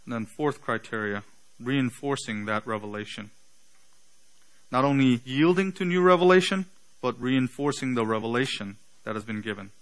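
A man preaching a sermon, building to loud emphatic peaks and trailing off quietly at the ends of phrases. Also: medium pitch, rough recording.

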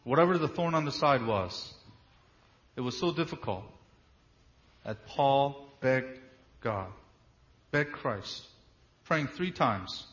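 A man preaching a sermon, emphatic, stretching key words slowly and asking the congregation rhetorical questions. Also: mid-range voice, expressive, a bit bright, muffled recording. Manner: emphatic, with slow drawn-out stresses and rhetorical questions.

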